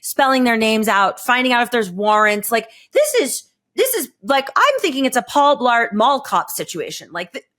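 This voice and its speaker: Animated woman telling a story. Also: on the high side, normal speed, few pauses. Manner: animated, profane, acts out quotes in raised voice. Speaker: podcast host. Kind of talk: storytelling casual chat.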